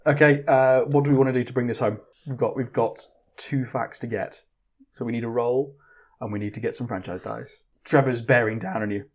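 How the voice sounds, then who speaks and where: A man's voice: medium pitch, fairly even intonation, fairly quick. A man running a comedic tabletop game podcast as game master, laughing often and restarting his sentences.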